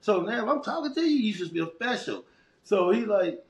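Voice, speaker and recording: A middle-aged man with a Los Angeles accent tells his story as an interview guest, animated and streetwise. His voice is gravelly and sits a little high for a man. The room around him sounds echoey. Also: brisk. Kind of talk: casual storytelling.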